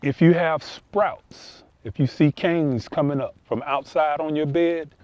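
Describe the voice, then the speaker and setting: A man's voice: fairly high pitch, unhurried, a little mellow, no room sound. A man hosting a gardening video, explaining things in a folksy, casual way while walking through his outdoor garden. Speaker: gardening channel host.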